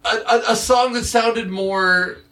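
A man's voice: high voice, fairly even intonation, slow pace, sharp tone. A man co-hosting a casual movie review chat, sarcastic and rambling, swearing freely. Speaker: podcast co-host.

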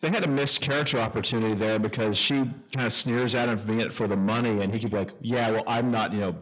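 A man co-hosting a casual movie podcast, quick and joking. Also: fairly low pitch, fairly even intonation, fairly bright tone, rough recording. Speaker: podcast co-host. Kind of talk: casual movie commentary chat.

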